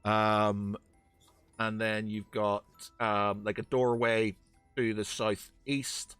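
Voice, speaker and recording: A man running a tabletop game as game master, talking in a hesitant way with many pauses and restarts. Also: fairly low pitch, flat delivery, fairly bright tone, smooth, no echo, faint music behind.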